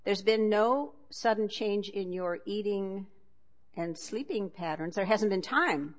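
A woman's voice: mid-range voice, a little slow. A woman giving a conversational talk, reading passages from a book and adding wry asides with frequent chuckles.

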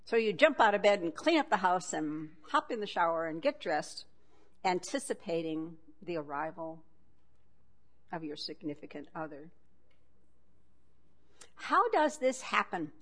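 A woman's voice: fairly low pitch, sing-song, measured pace, pauses often. A woman giving a conversational talk, reading passages from a book and adding wry asides with frequent chuckles.

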